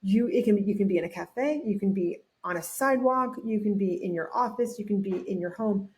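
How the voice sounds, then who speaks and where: A woman guest on a podcast, telling an anecdote in an animated way, acting out what people said and often restarting her sentences. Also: medium pitch, a little fast. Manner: animated storyteller acting out quotes, frequent restarts. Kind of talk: storytelling in a podcast interview.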